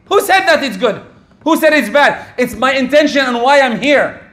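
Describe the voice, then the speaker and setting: A man's voice: extremely high pitch, expressive, normal speed, a bit bright. A middle-aged man giving a sermon, asking rhetorical questions and dropping Arabic religious terms into his talk. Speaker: preacher.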